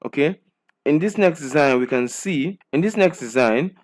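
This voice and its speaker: A man's voice: a little high, lively intonation, normal speed. Man teaching design, checking in often. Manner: repeats "okay", "right" and "good" as checks; walks through examples point by point. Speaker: design instructor. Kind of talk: screen-share design lesson.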